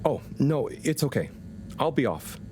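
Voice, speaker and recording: A man's voice: medium pitch, sing-song, measured pace, a little mellow, a little hiss or hum. An actor playing an awkward, polite young male lab intern in a game. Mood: hesitant. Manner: hesitant, polite. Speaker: professor's assistant.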